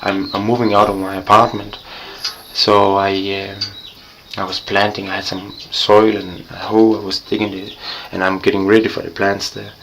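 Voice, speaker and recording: Profane, excitable man with bright voice. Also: lowish voice, normal speed, gravelly, slight background noise, poor audio. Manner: profane, excitable, swings between loud and quiet. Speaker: vlogger. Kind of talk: rambling storytelling monologue.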